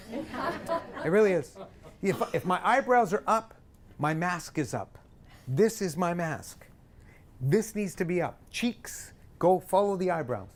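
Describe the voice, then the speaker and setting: Energetic man coaching a singing class. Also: high-pitched. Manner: lively coaching, breaks into singing examples. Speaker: singing teacher. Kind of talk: singing lesson demonstration.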